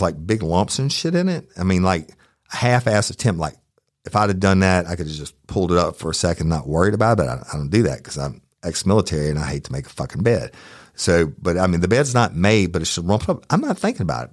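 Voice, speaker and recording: Deep-voiced, profane storyteller. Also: male voice, no echo, studio quality. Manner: profane, animated retelling. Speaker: podcast host. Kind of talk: true crime storytelling.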